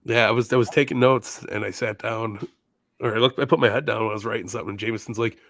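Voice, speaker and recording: A man's voice: on the low side, fairly even intonation, quick pace, a bit bright, no echo. A man co-hosting a casual wrestling chat podcast, laughing often and swearing casually as he talks. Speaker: podcast co-host.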